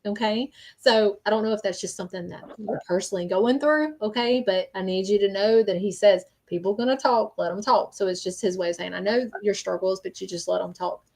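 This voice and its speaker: A woman giving a live-stream spirit reading as a medium. She talks earnestly, in a mid-range voice, and keeps pausing for "okay?" and "um" as she relays messages. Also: mid-range voice, a little mellow. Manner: earnest, repeats "okay?" to check in, frequent ums.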